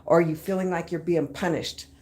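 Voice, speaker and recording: Woman, 30s, live-stream host, casual motivational talk, emphatic and slangy, lower voice. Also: brisk. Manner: lively and emphatic, with repeated phrases and slang.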